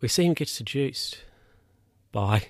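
A man's voice: medium pitch, animated, a little slow, dry recording, clean studio sound. A man casually recapping a film's plot, rambling, with lots of fillers and self-corrections. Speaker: film recap host.

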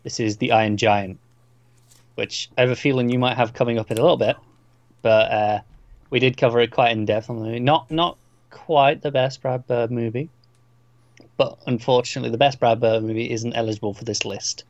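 A man's voice: mid-range voice, steady tone, fairly quick, dry recording, lo-fi sound. A man co-hosting a podcast in casual chat about films, teasing and opinionated. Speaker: podcast co-host. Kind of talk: casual film-list chat.

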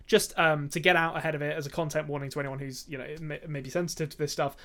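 A man with a fairly high voice co-hosts a film podcast and talks in relaxed, casual chat. He fills gaps with ums and sometimes rattles through a thought in a quick burst. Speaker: podcast co-host.

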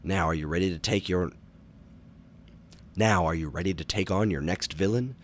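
A man voicing a frantic male scientist on a radio link, high and urgent, in a storybook reading. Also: normal speed, a little hiss or hum, natural voice. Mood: reassuring.

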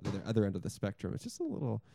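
A man's voice: lowish voice, wildly swooping pitch, rapid-fire, gravelly, warm tone. A man co-hosting a casual podcast chat, hesitant and trailing off with fillers. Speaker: podcast co-host.

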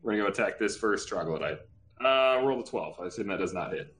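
A man with a fairly low voice, thinking aloud as he plays a tabletop game. He works through his options quickly, correcting himself as he goes. Faint noise sits behind him. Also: animated, a bit bright. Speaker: player.

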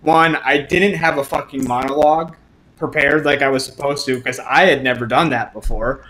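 A man's voice: mid-range voice, steady tone, normal speed, bright, forceful tone, rough recording. A man chatting casually about his start as a fair actor, rambling and laughing, acting out quoted lines. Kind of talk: casual podcast chat.

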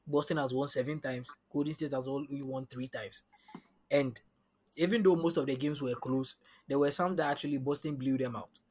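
A man's voice: mid-range voice, fairly even intonation, moderate pace, a little mellow, breathy edge. A man talking through basketball matchups on a casual sports podcast, laying out numbers step by step and often checking in with "you understand?". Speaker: podcast guest analyst.

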